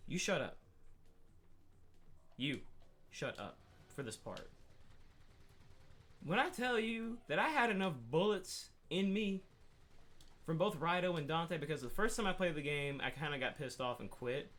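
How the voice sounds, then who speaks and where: Animated, profane man ranting. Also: fairly high pitch, unhurried, pauses often. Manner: animated, profane storytelling rant. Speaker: podcast co-host. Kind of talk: casual gaming chat.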